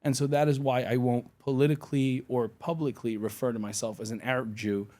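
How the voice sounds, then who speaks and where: Male podcast guest from Syria, Arabic first language, mellow warm tone, emphatic and argumentative. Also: mid-range voice, fairly even intonation, fairly quick. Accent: none, worked to lose his Syrian accent, sounds like a New Yorker. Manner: emphatic, argumentative, pushes back firmly. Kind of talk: casual interview talk.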